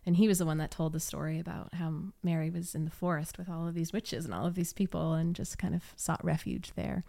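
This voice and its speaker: Rambling, laughing woman with lower voice. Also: flat delivery, fairly quick, gravelly. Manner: rambling, heavy use of "like" and "um"; breaks into soft laughs. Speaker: podcast guest, yoga teacher. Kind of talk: casual storytelling.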